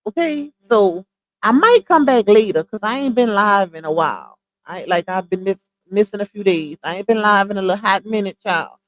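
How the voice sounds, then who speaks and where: A woman's voice: medium pitch, expressive, moderate pace, a bit bright, no room sound. A young adult woman hosting a casual livestream, talking bluntly in slangy gossip about online drama. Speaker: livestream host.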